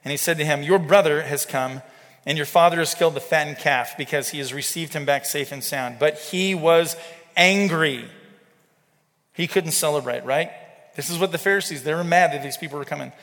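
A man's voice: fairly high pitch, normal speed, fairly bright tone. A man in his thirties preaching a sermon, conversational and often checking in with the congregation. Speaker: pastor. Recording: reverberant hall.

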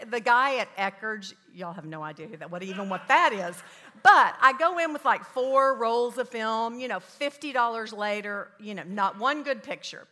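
A woman's voice: medium pitch, bright, forceful tone. A woman in her fifties giving a Christian parenting talk to parents, chatty and storytelling with self-mocking asides. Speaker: parenting class teacher speaking to parents. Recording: echoey hall with long reverb.

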